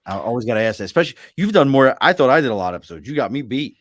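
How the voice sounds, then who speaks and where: A man's voice: mid-range voice, sing-song, very fast, fairly bright tone, no room sound. A man hosting a podcast in casual chat, joking and self-mocking as he talks. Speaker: podcast host.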